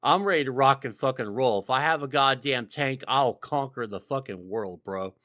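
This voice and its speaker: A man's voice: medium pitch, normal speed, fairly bright tone, dry recording, clean studio sound. Rowdy, foul-mouthed man on a podcast. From Texas. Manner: profane, rowdy, rambling with frequent fillers. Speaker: podcast co-host. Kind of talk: casual podcast banter.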